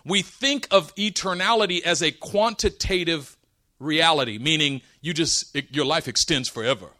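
A man's voice: fairly high pitch, normal speed. A man preaching a sermon, mixing scripture with funny family stories and laughing often. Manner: animated storytelling, laughs often.

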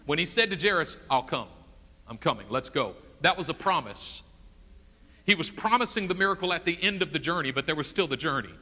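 A man preaching a sermon, animated and dramatic, acting out the voices of people in the story he tells. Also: on the high side, fast talker, big-room sound.

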